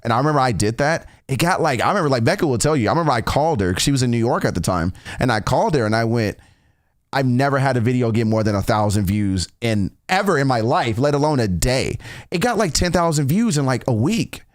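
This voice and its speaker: A man's voice: medium pitch, dry recording, clean studio sound. A young man hosting a reaction video, telling a personal story in a candid, casual way, swearing often and restarting sentences.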